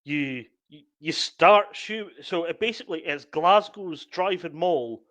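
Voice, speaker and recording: A man's voice: on the high side, expressive, measured pace, a bit bright, no echo. A man, co-hosting a casual podcast and walking through match moments step by step. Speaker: podcast co-host. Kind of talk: casual sports chat.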